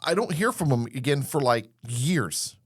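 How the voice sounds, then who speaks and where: A man's voice: mid-range voice, expressive, moderate pace, breathy edge. A man hosting a radio interview, telling a casual story and acting out the quoted dialogue in an emphatic way. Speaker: radio show host.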